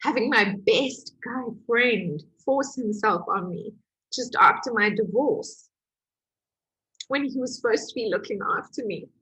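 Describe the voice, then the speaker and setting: A woman speaks in a husky, breathy voice that sits a little high. She gives a candid, confessional motivational talk as a healing coach and tells her own story with open emotion. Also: fairly bright tone, low-quality recording.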